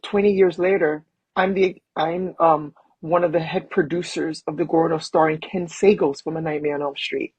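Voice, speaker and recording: A man being interviewed as a guest, a film producer telling animated personal stories and acting out what people said. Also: fairly high pitch, moderate pace, husky, dry recording, low-quality recording. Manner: animated storyteller who acts out quotes. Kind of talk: casual interview storytelling.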